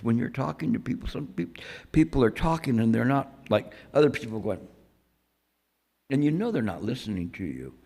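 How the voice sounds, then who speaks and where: A man gives a dharma talk at a very slow, unhurried pace, his voice rough with gravel. He tells his stories in a reflective, halting way, often restarting his sentences. His voice rings with a long echo in a reverberant hall. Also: medium pitch, warm tone. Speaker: meditation teacher. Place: meditation center hall. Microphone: microphone on a stand.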